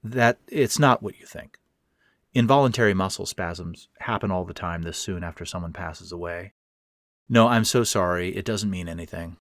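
A man's voice: low-pitched, normal speed, a bit bright, no room sound, clean studio sound. A man voicing a sympathetic female hospital nurse who apologizes and soothes. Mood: reassuring.

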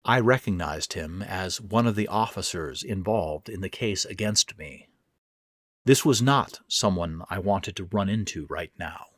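A man narrating a first-person horror story in a measured, deliberate way. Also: low-pitched, no room sound, clean studio sound.

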